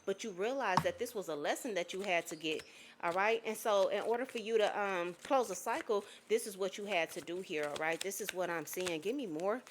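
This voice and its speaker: A woman's voice: mid-range voice, a little hiss or hum. A woman giving a spiritual reading to an unseen viewer, emphatic and blunt, swearing casually and checking in again and again with "okay?". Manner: emphatic, keeps checking in with "okay?" and "all right?". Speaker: psychic reader.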